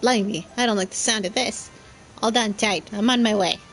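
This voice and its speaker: A woman voicing a gruff, bossy male skeleton pirate captain who talks in salty pirate slang. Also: mid-range voice, moderate pace, a bit bright, faint music behind, close to an everyday voice, rough recording.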